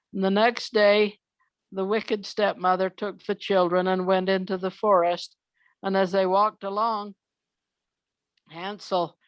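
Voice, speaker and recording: An older woman telling children's fairy tales from memory, unhurried, often pausing on "uh". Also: medium pitch, no echo. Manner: unhurried, with frequent "uh" pauses. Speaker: storyteller.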